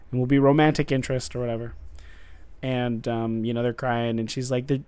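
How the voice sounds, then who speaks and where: Smooth-voiced man in casual recap chat. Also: medium pitch, normal speed, pauses often. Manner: animated, acts out lines with laughs. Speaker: podcast co-host.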